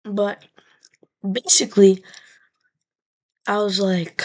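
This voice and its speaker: A woman's voice: medium pitch, moderate pace, vocal fry, long pauses. A young woman vlogger telling a rambling, profane story straight to her camera, full of fillers.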